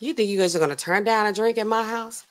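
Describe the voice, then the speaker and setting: A woman putting on the voice of a domineering, scheming male mogul, taunting in a low, mocking tone. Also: fast talker, lightly acted.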